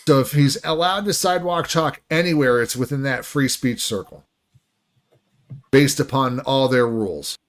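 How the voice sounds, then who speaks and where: A man's voice: mid-range voice, normal speed. A man hosting a live video reaction stream, talking animatedly with laughing asides and frequent restarts.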